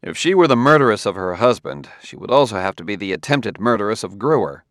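Cast a gravelly-voiced man as an uneasy, defensive detective, low and clipped, dry close sound. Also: big pitch swings, fairly quick, fairly bright tone, no echo.

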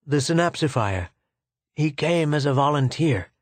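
A man's voice: fairly high pitch, animated, measured pace, no room sound, pitched above the performer's own voice. A man voicing a frail older male scientist who speaks in a feeble, wondering way, recorded dry. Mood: anxious.

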